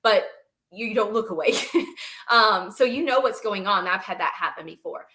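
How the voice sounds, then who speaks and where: A woman's voice: mid-range voice, animated, normal speed, bright, forceful tone. A young woman on a podcast, telling stories animatedly and laughing often between sentences. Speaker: podcast guest, reptile breeder. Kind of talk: casual storytelling chat.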